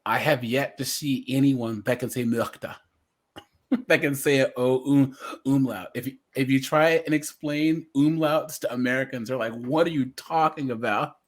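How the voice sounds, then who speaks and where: A man hosting a casual livestream commentary, chatty and laughing often, jumping into high mimicking voices. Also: normal speed.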